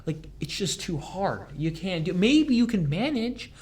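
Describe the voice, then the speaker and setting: Young male podcast host, casual chat, rambling storyteller with a fairly high voice. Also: big pitch swings, a little slow, darkish tone, breathy edge.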